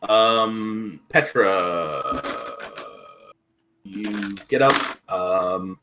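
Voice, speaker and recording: Slow, hesitant game master, a man. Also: lowish voice, noisy background. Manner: slow, hesitant, many ums and uhs. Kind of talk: narrating a tabletop game over voice chat.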